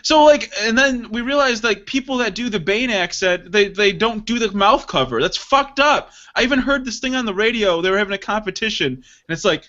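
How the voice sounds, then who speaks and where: A man's voice: high-pitched, lively intonation, a little fast, few pauses. A man co-hosting a podcast, casual banter full of laughter and swearing. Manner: loud, laughing, swearing, joking. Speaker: podcast co-host. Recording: dull lo-fi podcast audio.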